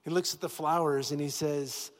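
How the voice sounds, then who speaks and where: A man's voice: fairly high pitch, fairly even intonation, moderate pace. A pastor delivering an earnest sermon, repeating key phrases as he builds intensity. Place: church sanctuary with long reverb. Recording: reverberant hall with soft music behind.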